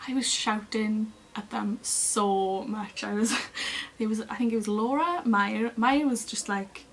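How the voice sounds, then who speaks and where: A young woman, chatting casually to camera as she tells a long personal story in an expressive, lively way. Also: medium pitch, unhurried, slight background noise. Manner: chatty and expressive, acting out other people's lines. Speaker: beauty vlogger.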